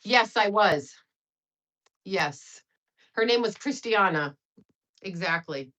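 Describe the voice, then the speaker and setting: A woman's voice: mid-range voice, animated, slow pace, sharp tone. A woman in her fifties hosting a casual livestream, blunt and profane, rambling between stories and astrology. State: sweating.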